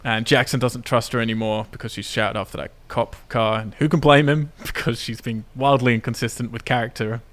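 Excitable man recapping a film plot. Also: mid-range voice, a little fast, hardly any pauses. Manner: excitable, laughs often while recapping. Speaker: podcast co-host recapping a film. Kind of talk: casual chat.

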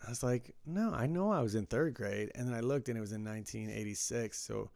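A man around fifty telling stories in a relaxed, conversational way during a casual chat. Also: mid-range voice, brisk, creaky, no room sound.

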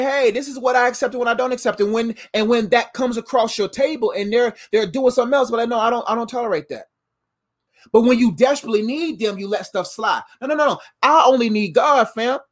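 A man giving a casual motivational sermon, animated and playful, repeating phrases and calling the audience fam. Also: extremely high pitch.

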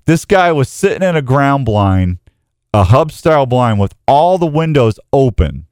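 A man's voice: medium pitch, very animated, measured pace, a little mellow, smooth, no room sound, studio quality. A man hosting a casual radio show, joking and rambling.

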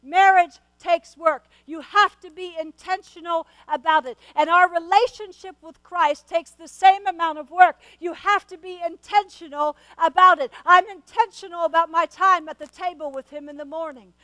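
Very high-voiced woman preaching earnestly. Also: steady tone, moderate pace, hardly any pauses, sharp tone, dry recording, low-quality recording. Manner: earnest, questioning, frequent stammered restarts. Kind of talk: sermon.

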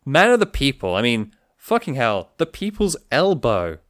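A man co-hosting a podcast, bantering casually, animated and swearing freely. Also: medium pitch, moderate pace, no echo, studio quality. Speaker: podcast co-host.

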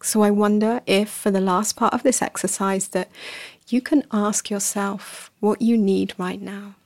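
A woman hosting a reflective podcast, speaking softly and slowly, dropping to a whisper at times and laughing at herself. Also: mid-range voice, fairly even intonation, creaky, no echo. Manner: soft and slow, sometimes whispering, laughs at herself. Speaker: podcast host. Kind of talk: gentle reflective podcast talk.

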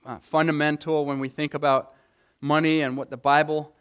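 A man's voice: fairly high pitch, little pitch movement, normal speed, a bit bright, clear, resonant tone. A man preaching a Sunday morning sermon, earnest, often repeating words as he presses a point. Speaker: pastor.

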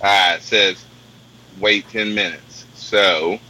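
Man, bright and forceful tone, deadpan jokester in casual chat. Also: sits low, takes it slowly, low-quality recording. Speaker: co-host of casual drinking chat. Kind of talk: casual crude banter.

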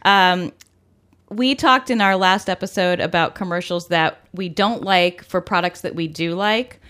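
A middle-aged woman co-hosting a chat show, giving measured, thoughtful opinions. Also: on the low side, a bit bright, clear, resonant tone. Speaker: podcast co-host. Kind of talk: casual chat.

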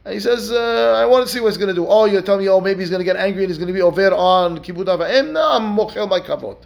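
A man's voice: high-pitched, quick pace, gravelly, muffled recording. A rabbi teaching a Talmud study lesson. He reads Aramaic and Hebrew text aloud, then explains it step by step with rhetorical questions and a frequent "right?". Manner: keeps checking in with "right?".

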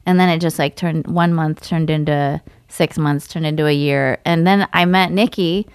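A woman's voice: low-pitched, fairly even intonation, normal speed, smooth, no echo, clean studio sound. A woman talking casually and frankly in a conversation, filling her speech with "like". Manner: chatty, lots of "like", frank.

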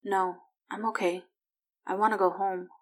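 A woman's voice: mid-range voice, little pitch movement, measured pace, lightly acted. A woman voicing a guarded, dry-witted pregnant doctor in a story reading. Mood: strained whisper.

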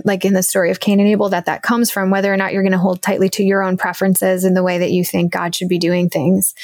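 A young adult woman speaking earnestly and reflectively in a candid faith conversation, with soft laughs and a teary edge. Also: fairly low pitch, no echo.

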